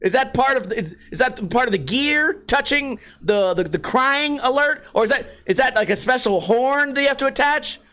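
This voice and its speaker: Casting: male podcast host, high voice, lively swoops, profane mocking rant. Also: moderate pace, hardly any pauses, a little hiss or hum. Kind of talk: casual rant. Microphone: podcast microphone.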